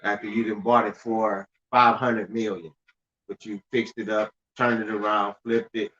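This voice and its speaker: A man's voice: lowish voice, little pitch movement, moderate pace, pushed and bright, a little hiss or hum. Loose-talking man, dull lo-fi sound. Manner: loose and conversational, stumbles and repeats words, laughs at himself. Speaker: finance channel host. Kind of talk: casual livestream talk reading news aloud.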